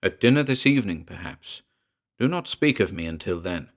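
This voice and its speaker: A man's voice: deep voice, lively intonation, moderate pace. Man voicing a proud old talking cat. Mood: grave. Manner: grave, formal, commanding. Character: old, large talking male cat, proud and dignified father.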